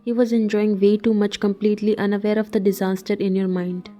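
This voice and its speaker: A woman narrating a scripted story in the second person at an even, measured pace. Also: medium pitch, faint music behind.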